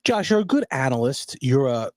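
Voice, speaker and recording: A man hosting a casual interview podcast, speaking in a thoughtful, measured way. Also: medium pitch, big pitch swings, no room sound. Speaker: podcast host.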